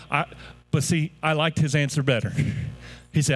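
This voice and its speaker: A man's voice: on the high side, normal speed. A male pastor preaching a sermon, leading the congregation in call-and-response declarations and building to impassioned peaks. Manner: rousing call-and-response preaching, rising to shouts.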